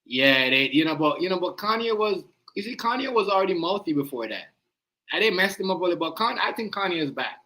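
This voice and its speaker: Bright-voiced man rambling on a stream. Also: high voice, very animated, brisk, low-quality recording. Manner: rambling slang-heavy talk, repeats "you know what I mean". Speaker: live-stream host. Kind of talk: casual commentary live stream.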